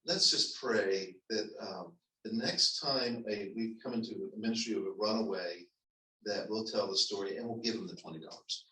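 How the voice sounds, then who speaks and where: A man who is a pastor, telling a personal story to his congregation in a conversational, halting way with restarts. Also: on the low side, bright, forceful tone. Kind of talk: storytelling sermon. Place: church sanctuary. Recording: echoey church hall, mic at a distance.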